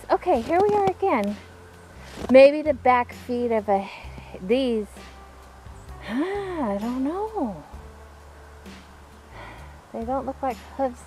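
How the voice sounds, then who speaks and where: A woman's voice: medium pitch, darkish tone. A woman chatting to herself on a snowy outdoor vlog, breathless and laughing often. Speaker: vlogger. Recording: noisy outdoor recording.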